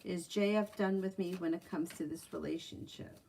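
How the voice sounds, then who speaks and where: A woman with a low, gravelly voice reads tarot cards on a live stream. She talks in a chatty, blunt way and swears when she gets annoyed. A faint hiss of noise sits under her voice. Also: fairly even intonation, moderate pace, a little mellow. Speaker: tarot reader.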